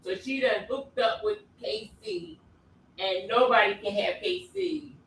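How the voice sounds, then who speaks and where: A woman's voice: on the high side, very animated, unhurried, creaky, a bit bright, distant mic. A woman giving blunt, matter-of-fact opinions in a casual chat. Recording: roomy, off-mic, faint background noise.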